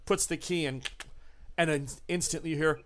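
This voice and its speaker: A man running a tabletop horror game as game master, narrating scenes in an unhurried, descriptive way. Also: fairly high pitch, steady tone, fairly bright tone. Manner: unhurried, descriptive, laughs with players.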